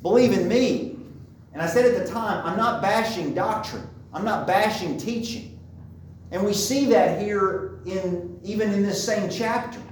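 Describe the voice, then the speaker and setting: A man with a somewhat high voice delivers an emphatic sermon and hammers home his main points by saying them again. He is picked up from far off in a very reverberant hall, with faint room noise underneath. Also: unhurried. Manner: emphatic, repeats key phrases. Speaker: preacher. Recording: very echoey room, mic far off.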